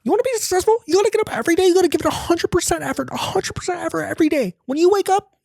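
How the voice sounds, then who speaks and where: A man doing an impression of a hyped, fast-talking male hustle-culture guru who badgers his listeners. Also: very high voice, gravelly, a little mellow, no echo, clean studio sound, pitched above the performer's own voice. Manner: rapid-fire, pushy, badgering.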